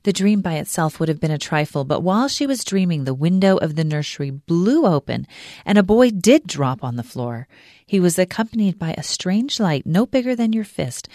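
A woman, a radio producer, reading a classic storybook aloud in a gentle, measured way. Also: on the low side, no echo, clean studio sound.

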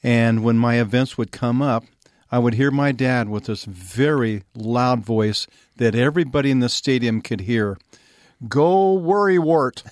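A man's voice: mid-range voice, normal speed, dry recording. A man talking as a regular radio guest, reflective and personal in a casual chat.

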